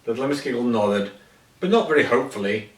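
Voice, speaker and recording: A man's voice: mid-range voice, expressive, fast, recorded from a distance. A man reading a children's picture book aloud, sometimes stumbling over words and correcting himself. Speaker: reader. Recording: echoey room, voice away from mic.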